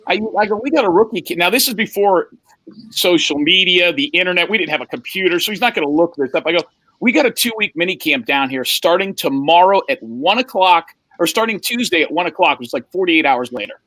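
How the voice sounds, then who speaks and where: A man's voice: high-pitched, lively intonation, fairly quick, sharp tone, dry recording, rough recording. A man telling a wild story in a casual chat, acting out the other people's lines and swearing freely. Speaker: podcast guest.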